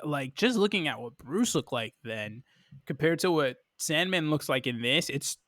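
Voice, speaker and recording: Animated, swearing podcast co-host man. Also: fairly high pitch, moderate pace, no echo, clean studio sound. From Boston, USA. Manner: animated, swearing, laughing, rambling asides. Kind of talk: casual chat.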